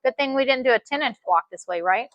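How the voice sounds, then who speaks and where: A woman's voice: high-pitched, expressive, fast, no echo, muffled recording. A woman teaching a live sewing tutorial, chatty and folksy, often saying "y'all.". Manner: chatty, says "y'all" a lot. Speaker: sewing instructor.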